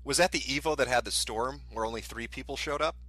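A man's voice: mid-range voice, fast talker, pushed and bright, no room sound. A man ranting in profane, sarcastic commentary, mocking a streamer as he reads his posts aloud.

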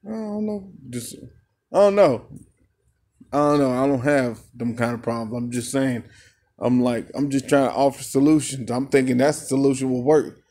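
A man's voice: medium pitch, moderate pace. A man ranting in casual talk, telling a story with frequent laughter and cursing, his voice jumping up when he gets worked up. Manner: animated, laughing, profane storytelling. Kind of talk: casual rant.

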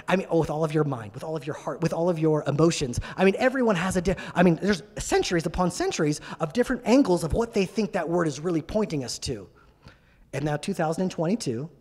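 A middle-aged man giving an animated, emphatic testimony as a guest speaker in a church. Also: a little high, husky. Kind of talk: sermon-style testimony. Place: church hall. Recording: reverberant church hall.

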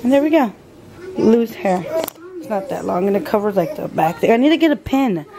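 Young mom vlogger, mid-pitched, chatting to a handheld camera at home over steady background hum. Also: female voice, brisk. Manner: chatty, narrates chores as she goes; drops in Spanish words to her kids. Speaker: family vlogger. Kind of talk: casual vlog chat. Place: family home, indoors.

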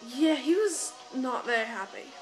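A woman's voice: high voice, animated, moderate pace, over music. A girl in her teens, chatting casually and bluntly, swearing and putting on a mock British accent. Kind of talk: casual chat to camera. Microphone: phone camera.

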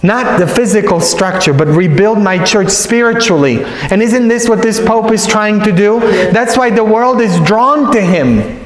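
A priest giving a retreat sermon, telling stories and repeating phrases for emphasis. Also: male voice, high voice, expressive, a little slow, few pauses. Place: large church. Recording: echoey church hall.

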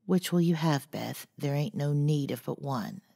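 Woman narrating old housekeeper, brisk, practical, homely, low gravelly voice, storybook reading. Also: warm tone, exaggerated voice. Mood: reassuring. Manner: brisk and matter-of-fact. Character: homely, practical older woman servant, reassuring.

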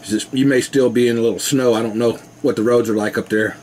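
At home in front of his camera, a man rambles in a relaxed video chat and laughs frequently. He speaks quickly in a mid-range, somewhat dark voice with fairly even intonation, over slight background noise.

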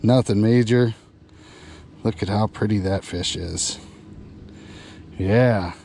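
Brief: laid-back fishing host on a boat, slow and mellow, chatty with his catch, faint outdoor noise behind. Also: fairly low pitch, creaky. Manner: chatty, talks to the fish and viewers. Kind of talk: casual fishing vlog narration.

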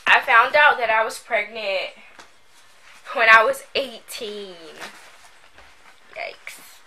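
Young woman vlogging at home, super expressive, bright voice pitched a bit high, goofy and dramatic. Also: slow, poor audio. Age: young adult. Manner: overdramatic, goofy, slangy and animated. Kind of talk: casual vlog monologue. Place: at home while packing. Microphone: built-in camera mic.

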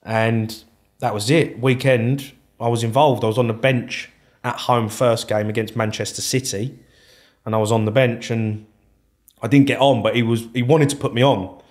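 A man's voice: medium pitch, fairly even intonation, moderate pace. A man guesting on a podcast as a former footballer, telling his story candidly and swearing freely. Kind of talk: casual storytelling interview.

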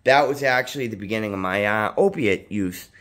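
This man's voice is on the low side and brisk as he rambles through a personal story in a casual vlog. Profanity and fillers such as "dude" and "you know what I mean" pile up, and his excitable voice leaps higher when he gets worked up.

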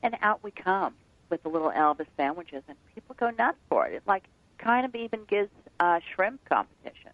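A woman from New Jersey, a guest chef and author, telling stories with lively animation on a radio interview. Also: medium pitch, a little fast, no echo, phone-quality sound. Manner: animated storyteller, acts out voices in anecdotes.

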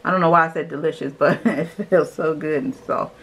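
Casting: young adult woman, beauty vlogger, chatty and enthusiastic, slightly low pitch, talking through her skincare routine. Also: fairly even intonation, fairly quick, breathy edge, low-quality recording. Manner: chatty, enthusiastic, talks while doing the steps. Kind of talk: casual skincare routine demo.

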